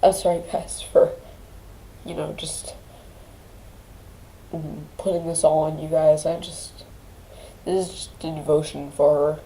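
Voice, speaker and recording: Woman host, grieving, near tears, low pitched and flat, halting speech. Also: a little hiss or hum, rough recording. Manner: halting, restarting often, trailing off. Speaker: channel host. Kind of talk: personal grieving vlog.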